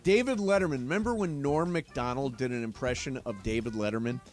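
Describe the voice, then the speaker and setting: A middle-aged man co-hosting a sports talk radio show, jokey and animated. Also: medium pitch, fairly quick. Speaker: radio co-host.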